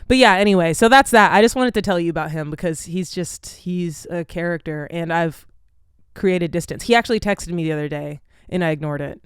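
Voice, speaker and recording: A woman's voice: fairly low pitch, fairly quick, smooth, no echo, studio quality. Casual young woman ranting with swears. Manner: candid, swears freely, lots of "like". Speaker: vlogger. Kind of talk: casual storytelling chat.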